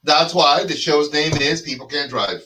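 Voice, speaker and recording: Lively, bright-voiced joking male host. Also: a little high, moderate pace, distant mic, a little hiss or hum, rough recording. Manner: animated, joking, rambling salesman patter. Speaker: host and cigar brand representative. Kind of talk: live casual chat show.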